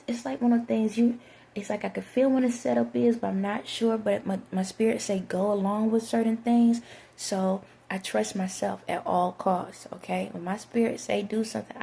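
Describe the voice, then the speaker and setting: A woman's voice: mid-range voice, vocal fry, mellow. A woman, rambling through a spiritual storytime monologue and acting out bits of quoted dialogue. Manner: conversational, drifts into quoted dialogue and spiritual asides. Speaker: vlogger.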